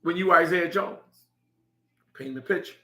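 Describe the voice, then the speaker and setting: A man's voice: fairly high pitch, measured pace, pushed and bright. A middle-aged man telling a heartfelt story about his son, laughing now and then as he speaks. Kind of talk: personal storytelling. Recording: echoey room.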